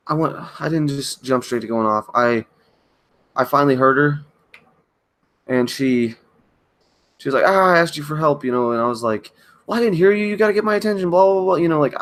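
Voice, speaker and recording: A man at home giving a halting, emotional confessional monologue on a livestream, often restarting his sentences. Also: medium pitch, a bit bright. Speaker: channel host. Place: at home by a kitchen counter.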